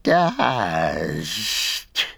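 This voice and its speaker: A man voicing a wretched, treacherous male creature who whines, pleads and hisses in a high, stretched-out voice. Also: very animated, creaky, pushed and bright, slightly rough, no room sound, clean studio sound, exaggerated voice. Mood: hissing. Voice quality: high, whining, hissing. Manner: pleading, drawn-out, speaks of himself as "us".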